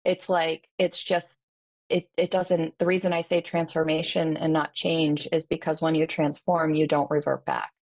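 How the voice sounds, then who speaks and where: A woman coach talking on a podcast in an earnest, effusive way, full of uplifting phrases. Her voice sits low for a woman. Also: little pitch movement, normal speed, a little mellow. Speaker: podcast guest and wellness coach. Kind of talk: casual podcast chat.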